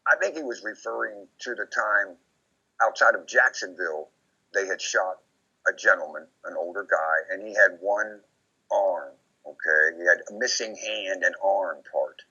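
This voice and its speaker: A man being interviewed, rambling and repeating himself as he recounts memories, often quoting others in lively put-on voices. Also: low voice, normal speed, husky. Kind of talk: casual recorded conversation. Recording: dull lo-fi recording.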